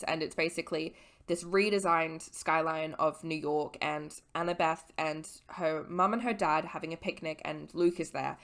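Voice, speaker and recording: A tipsy woman recapping a book series in casual, animated chat, swearing freely and using slang. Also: sits low. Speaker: vlogger.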